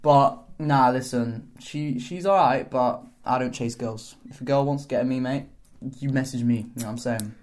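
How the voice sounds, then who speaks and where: A man chatting casually on a podcast, telling rambling stories with quick asides. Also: mid-range voice, darkish tone. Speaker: podcast co-host.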